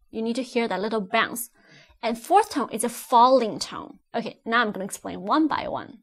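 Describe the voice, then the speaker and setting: A woman's voice: fairly high pitch, lively intonation, normal speed. A woman teaching Mandarin tones, explaining patiently step by step and modelling each sound. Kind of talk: online language lesson.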